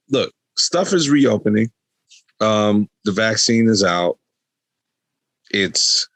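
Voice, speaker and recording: A man's voice: lowish voice, vocal fry, a bit bright, dry recording. A man co-hosting a podcast in casual chat, rambling with lots of fillers and restarts. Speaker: podcast co-host.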